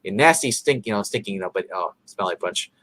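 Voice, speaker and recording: A man's voice: fairly low pitch, expressive, fast, fairly bright tone, dry recording, low-quality recording. A man co-hosting a casual episode recap, rambling with many fillers and acting out characters' lines. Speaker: podcast co-host.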